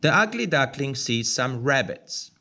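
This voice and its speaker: A man reading a children's picture book aloud, slow, clear and expressive. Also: medium pitch. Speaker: storybook reader.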